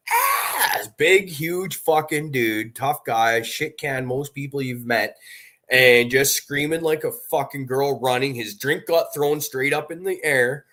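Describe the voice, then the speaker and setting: A man in casual chat, telling animated stories with plenty of swearing. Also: mid-range voice. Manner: animated, profane storyteller. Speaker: podcast panelist.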